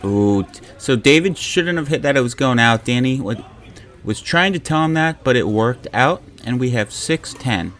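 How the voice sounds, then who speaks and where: A man giving casual play-by-play commentary on amateur game footage, calling scores and chuckling often in a relaxed, joking way. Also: medium pitch, normal speed, a little hiss or hum. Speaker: pickleball commentator.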